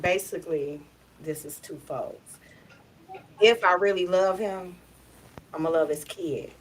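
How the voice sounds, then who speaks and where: A middle-aged woman with a somewhat low voice. She lays out her views frankly and plainly in relaxed panel talk. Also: measured pace. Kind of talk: casual panel chat.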